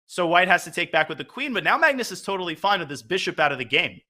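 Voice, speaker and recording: A young man commenting on a chess game, working through lines aloud and yelping when the game turns. His voice sits high and swings widely. It has a bright, forward tone. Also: sing-song. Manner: analytical, quick to call lines, bursts of alarm.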